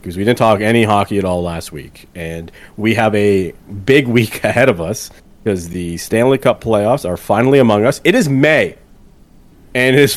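Low-voiced podcast dude, chatty, gets ranty and emphatic. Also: male voice. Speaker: podcast co-host. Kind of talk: casual chat.

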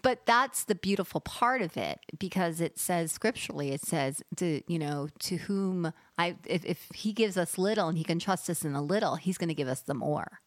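A woman guest in a faith conversation, speaking earnestly and building to excited emphasis. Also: on the low side, normal speed, hardly any pauses, no echo.

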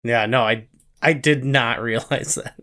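A man's voice: medium pitch, a little slow, pushed and bright. A man co-hosting a podcast in casual chat, rambling and hesitant, filling his talk with "like". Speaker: podcast co-host.

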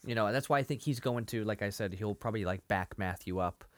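A man's voice: fairly low pitch, quick pace, dry recording. A man co-hosting a podcast, casually retelling a TV episode, quoting characters and laughing often. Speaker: podcast co-host. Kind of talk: casual chat recapping a TV episode.

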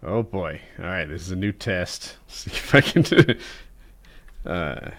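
A man's voice: low-pitched, big pitch swings, measured pace, fairly bright tone. A laid-back man in a casual podcast chat. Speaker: podcast co-host.

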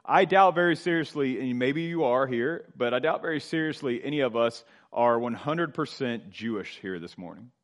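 A middle-aged man preaching a sermon. His delivery swells louder and then drops low and quiet. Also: animated, normal speed, few pauses. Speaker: pastor.

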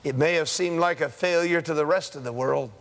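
A man's voice: fairly high pitch, fairly quick. A man preaching a sermon to a congregation, emphatic, building his points through repeated phrases in a rising cadence. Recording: long hall reverb.

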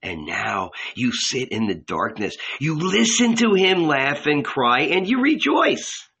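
A man's voice: fairly high pitch, huge pitch swings, takes it slowly, creaky, bright, forceful tone, breathy edge, pitched above the performer's own voice, heavily acted. Man voicing a teasing guardian angel boy. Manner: teasing, playful, lecturing. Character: mischievous male guardian angel posing as a boy. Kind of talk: audiobook character reading.

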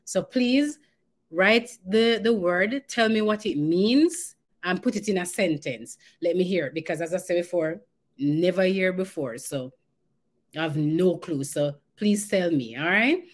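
A woman's voice: fairly low pitch, unhurried. Upbeat Jamaican woman hosting a radio show. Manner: upbeat and playful, slipping into patois.

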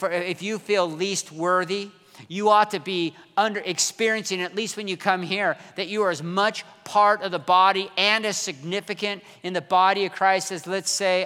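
A man's voice: high voice, pushed and bright, long reverb tail. A middle-aged male pastor preaching a casual, self-deprecating sermon, often repeating his words as he talks.

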